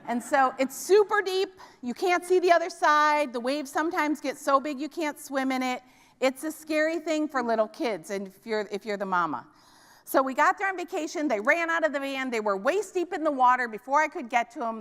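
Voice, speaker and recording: High-voiced woman giving a keynote. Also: animated, normal speed, a bit bright. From Minneapolis, US Midwest. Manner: storytelling, asks the audience "right?" often. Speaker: conference keynote speaker. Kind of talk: keynote talk. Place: conference hall stage. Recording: large hall with long reverb.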